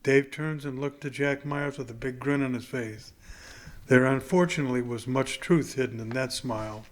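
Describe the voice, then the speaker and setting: A man narrates a novel chapter aloud in a plain, unhurried delivery. His voice sits at an ordinary middle pitch. He reads the scene straight, without putting on any show. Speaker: audiobook reader.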